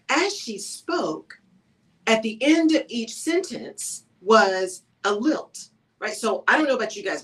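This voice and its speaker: A woman hosting a live talk radio show, talking on her own in a conversational, animated way and often checking in with "right?". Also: a little high, recorded from a distance, poor audio. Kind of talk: solo talk radio monologue.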